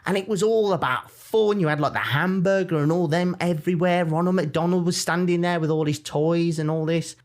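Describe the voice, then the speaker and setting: A man's voice: on the high side, normal speed, hardly any pauses. Jokey man with a Brummie accent. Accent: Birmingham. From Birmingham, England. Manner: animated, jokey storytelling with mock-defiant asides. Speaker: podcast co-host. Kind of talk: casual chat.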